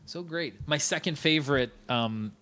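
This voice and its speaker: A man's voice: on the high side, measured pace, sharp tone, a little hiss or hum. Enthusiastic rambling podcast host, a man. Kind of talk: casual chat.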